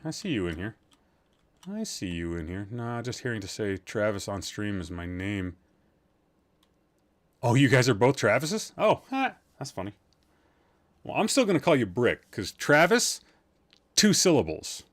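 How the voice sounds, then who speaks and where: A man hosting a live-streamed podcast from a room at home, chatting casually, rambling and teasing his chat with jokes. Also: mid-range voice.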